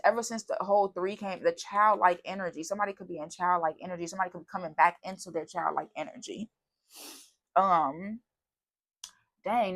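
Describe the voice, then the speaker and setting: A woman's voice: on the low side, gravelly, a bit bright. A woman giving a casual tarot reading, chatty and bubbly, wandering off on tangents. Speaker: tarot reader.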